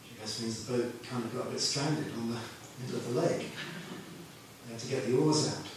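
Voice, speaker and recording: In an echoey room, recorded from a distance with a little hiss or hum, a man speaking at medium pitch and a fairly quick pace delivers a sermon. His style is conversational and story-driven, and he half-sings some lyrics.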